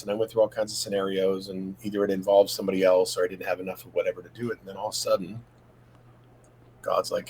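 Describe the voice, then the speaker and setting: A man's voice: sits low, level tone, fast talker, a little mellow, a little hiss or hum, rough recording. A middle-aged man sharing a personal testimony from his home office, talking in a rambling, casual way with many fillers and quoted dialogue.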